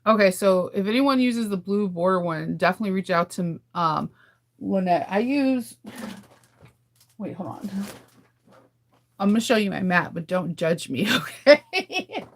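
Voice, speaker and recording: A woman's voice: mid-range voice, lively intonation, unhurried, long pauses. A woman from California hosting a casual livestream, chatting candidly with viewers and laughing often. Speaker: livestream host. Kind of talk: casual chat with live viewers.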